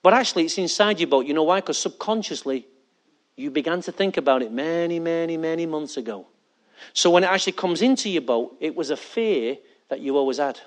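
A man's voice: on the high side, lively intonation, fairly quick. A male pastor preaching a sermon, emphatic and often asking the congregation for agreement.

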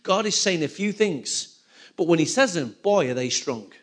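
A man's voice: fairly high pitch, expressive, normal speed. A man preaching a sermon to a congregation, repeating key phrases and asking them questions. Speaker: pastor.

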